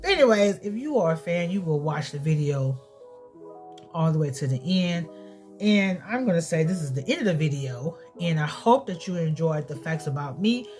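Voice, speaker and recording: A woman's voice: low-pitched, big pitch swings, normal speed, a little mellow, soft background music. A woman in her thirties talking casually and bluntly to camera for her vlog, swearing freely and repeating herself for emphasis. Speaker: beauty and family vlogger.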